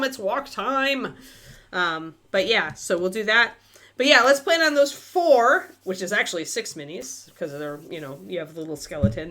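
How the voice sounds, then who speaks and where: A woman's voice: lowish voice, fairly bright tone. A woman hosting a miniature-painting livestream, chatting casually and thinking aloud with many fillers.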